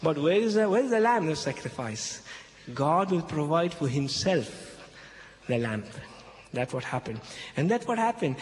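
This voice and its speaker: A man's voice: on the high side, very animated, normal speed. A man speaking as a Christian speaker to an audience. He retells a Bible story in broken English, repeating key phrases and often checking in with "okay?". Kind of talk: expository talk retelling a Bible passage. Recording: echoey hall with faint background noise.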